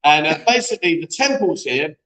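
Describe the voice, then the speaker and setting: A chatty man hosts a live-stream show, joking with his co-host and reading out viewer messages. His voice sits fairly high, and the room around him rings with echo. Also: animated, fairly quick, sharp tone. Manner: chatty, jokey banter, reads viewer comments aloud. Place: echoey room being set up as a studio. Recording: echoey room.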